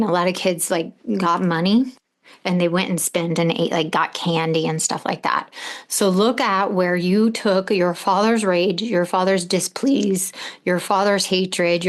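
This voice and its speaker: A middle-aged woman with a fairly low voice hosts a podcast in a direct, earnest monologue. She keeps putting questions straight to her listeners as she talks them through the topic. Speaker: podcast host and coach. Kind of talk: advice monologue.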